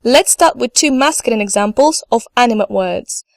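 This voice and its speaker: A woman's voice: fairly high pitch, expressive, moderate pace, vocal fry, no echo. A woman teaching a recorded language lesson, speaking carefully, saying each word twice for learners and encouraging them to repeat. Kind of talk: scripted online lesson.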